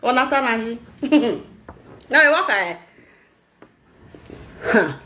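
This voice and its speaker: A Nigerian woman talking on a casual live video, animated and laughing, mixing in pidgin. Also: fairly high pitch, takes it slowly, roomy sound. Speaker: social media vlogger.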